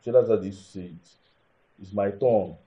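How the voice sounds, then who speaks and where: Actor as a calm man, low voice, quiet, dull lo-fi sound. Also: fairly quick, close to an everyday voice.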